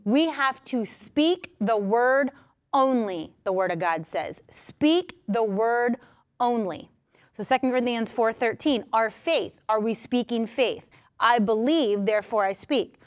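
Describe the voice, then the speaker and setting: A preacher with a somewhat high voice delivers an animated sermon at a measured pace. She speaks emphatically, hammering points home with repeated short phrases. At times she takes on the voices of people in her stories.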